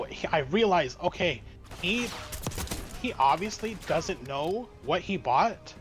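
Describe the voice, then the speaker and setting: Halting man telling a story. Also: a little high, expressive, a little hiss or hum. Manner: halting, many fillers and restarts. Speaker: streamer guest. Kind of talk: casual storytelling.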